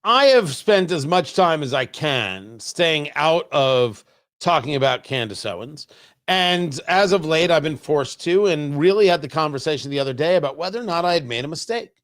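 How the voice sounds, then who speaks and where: A male host on a live-streamed talk show, joking with chat viewers and often restarting his sentences. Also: fairly high pitch. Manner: animated, teasing chat-reader banter; halting, restarts mid-sentence.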